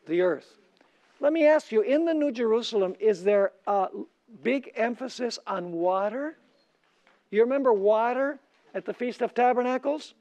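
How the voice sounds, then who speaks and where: High-voiced man preaching a sermon. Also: a little mellow. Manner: asks the audience questions and pauses for them to finish his sentences; slows down and lifts his voice when reading scripture. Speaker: pastor. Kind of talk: sermon lecture. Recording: dull lo-fi recording.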